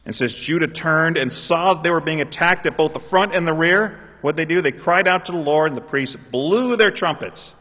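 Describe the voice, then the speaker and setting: A man preaching a sermon in an animated way, building up to loud, emphatic calls. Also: mid-range voice. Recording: dull sound with long hall reverb.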